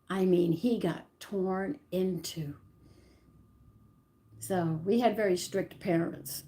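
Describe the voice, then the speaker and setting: An older woman telling family stories from her childhood in a rambling, animated way, often stopping to correct herself. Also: mid-range voice. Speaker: channel host. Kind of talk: personal storytelling.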